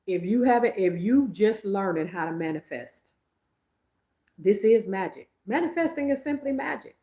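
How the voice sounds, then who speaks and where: Animated woman in her fifties, echoey room. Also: mid-range voice, normal speed. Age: 50s. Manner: animated, emphatic, laughs often. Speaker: psychic livestream host. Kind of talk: casual livestream chat.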